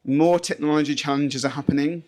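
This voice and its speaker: A man's voice: a little high, steady tone, fairly quick, a little mellow, slight background noise. A man hosting a podcast, talking in a rambling, self-conscious, chatty way as he opens a casual interview over a remote connection. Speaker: podcast host. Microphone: remote call setup with headphones.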